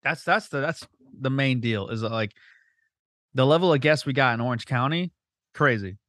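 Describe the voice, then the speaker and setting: A man with a mid-range voice hosts a podcast and chats casually with a guest, peppering his talk with profanity. He tells stories at a quick clip, animated, acting out the quotes. The sound is studio quality with no room echo.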